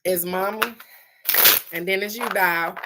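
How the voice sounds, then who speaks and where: A woman's voice: mid-range voice, unhurried, heavy background noise. A woman doing a casual live-stream card reading, chatty and affectionate, laughing often and calling out to viewers by name.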